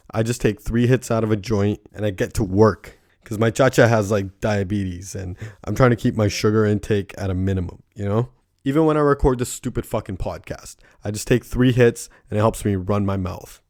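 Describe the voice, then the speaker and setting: A man's voice: on the low side, darkish tone, no echo, studio quality. A young man hosting his own podcast, rambling casually with heavy swearing, lots of "like" and "right?", and laughing at his own stories. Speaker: podcast host. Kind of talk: casual solo podcast monologue.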